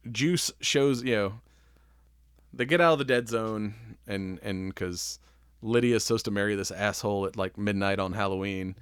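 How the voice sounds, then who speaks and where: A man's voice: lowish voice, clean tone, no room sound, studio quality. A man hosting a casual podcast chat, rambling through a plot recap with frequent laughter and swearing. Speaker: podcast host.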